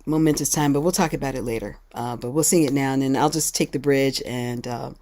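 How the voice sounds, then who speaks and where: A woman guest song leader on a video call, teaching a chant line by line with frequent laughter. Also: very deep voice. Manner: laughs often, sings example lines, slow and relaxed.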